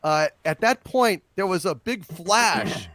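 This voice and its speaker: A man hosting a casual livestream about movies, chatty and animated, reading viewer messages and laughing often. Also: sits high, takes it slowly, dry recording, studio quality. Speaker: podcast host.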